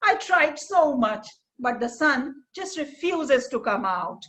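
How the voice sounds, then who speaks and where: A cute, obliging pig from a children's storybook speaks sweetly and politely, as a woman puts him on. The voice is high and unhurried. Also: very animated, fairly bright tone, full character voice.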